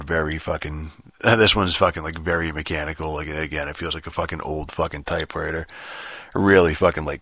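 A man's voice: rumbling low, pushed and bright, breathy edge. A man ranting casually about his gear as a gaming vlogger, swearing constantly, rambling and laughing often. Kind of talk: casual rant.

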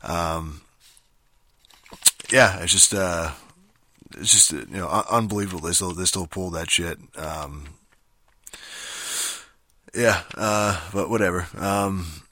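A man giving a casual, rambling spoken review of a video game, swearing often and filling pauses with um and you know. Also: low voice, pushed and bright, no echo. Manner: rambling, profane, many fillers and restarts.

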